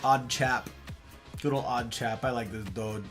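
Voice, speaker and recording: A man's voice: medium pitch, measured pace. A man hosting a livestream, chatting casually and playfully with his viewers. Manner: animated, playful, reacts to chat. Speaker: livestream host. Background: faint music.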